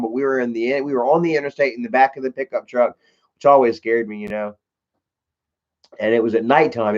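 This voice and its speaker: A young man hosting a casual livestream, telling rambling stories full of swearing and answering chat. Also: mid-range voice. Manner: swearing, laid-back storytelling. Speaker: livestream host. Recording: dull lo-fi stream audio.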